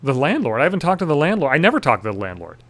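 A man's voice: a little high, wildly swooping pitch, very fast. A young man telling a comic story as an exasperated, profanity-heavy rant. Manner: swearing, exasperated.

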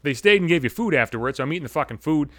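A man's voice: on the high side, lively intonation, very fast, a bit bright, slight background noise. A man in his thirties hosting a solo podcast, telling a story in a brash, profane, sardonic rant. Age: 30s. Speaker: podcast host.

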